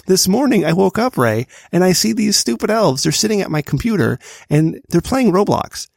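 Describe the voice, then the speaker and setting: Man, gravelly, slightly high voice, dry close sound, ranting casual podcast chat. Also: very animated, normal speed, hardly any pauses, no echo. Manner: ranting, exasperated storytelling. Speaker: podcast co-host.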